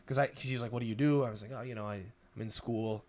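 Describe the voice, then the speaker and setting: A young man from Canada, hosting a podcast, telling a story fast and loose with swearing and restarts. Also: mid-range voice, steady tone, a little mellow. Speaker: podcast host. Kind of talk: casual chat.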